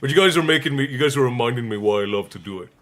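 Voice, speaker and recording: A man's voice: mid-range voice, expressive, rapid-fire. A man hosting a casual livestream who laughs often and reads out viewer messages. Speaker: livestream host.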